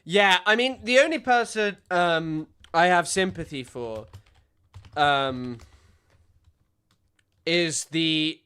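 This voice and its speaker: A man's voice: high-pitched, animated, a little slow, pushed and bright, smooth. A male streamer giving casual, sardonic reaction commentary into a desk microphone.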